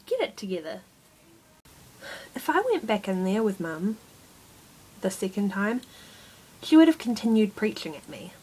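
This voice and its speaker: A woman's voice: mid-range voice, big pitch swings, measured pace, long pauses, dark tone, husky, poor audio. A woman vlogger telling a rambling, exasperated storytime about her day, self-mocking as she goes. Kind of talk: casual storytime monologue.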